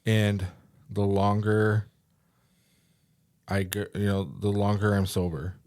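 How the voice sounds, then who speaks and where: A fairly low-voiced man speaks in a relaxed, unhurried way on a casual podcast. His humor is dry and understated, and he sounds at ease, sitting in an office at his workplace. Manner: laid-back, dry joking. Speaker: podcast co-host and peer recovery coach. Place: office in their workplace building.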